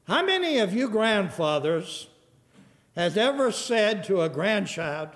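An older man preaching a sermon, animated, rising loud and then dropping to a soft hush. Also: high-pitched, slow pace, in a large hall. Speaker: pastor.

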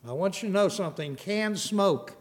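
An older male pastor preaches with a high, lively voice that climbs and falls across a wide span. He takes his time, swelling loud and sinking to near whispers. A long hall reverb trails every phrase. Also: moderate pace. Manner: animated preaching, swells loud then drops soft. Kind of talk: sermon.

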